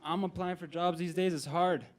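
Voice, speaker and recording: A man's voice: high-pitched, fairly even intonation, moderate pace. Profane young man doing stand-up. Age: 20s. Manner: profane, conversational, acts out quoted characters. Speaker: stand-up comedian. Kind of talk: stand-up comedy set. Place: comedy club stage with audience laughter.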